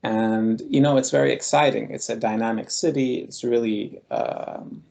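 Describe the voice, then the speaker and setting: A male guest scholar recalling personal experiences in a thoughtful, measured way, with frequent pauses. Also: medium pitch, fairly even intonation, gravelly, darkish tone. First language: Armenian. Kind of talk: reflective personal storytelling.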